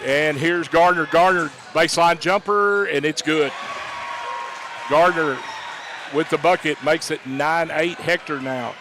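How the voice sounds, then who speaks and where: Man, basketball play-by-play, rapid calls, slightly high voice, faint gym noise. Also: a crowd in the background. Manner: rapid-fire calls, rising to shouts on big plays. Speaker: play-by-play announcer.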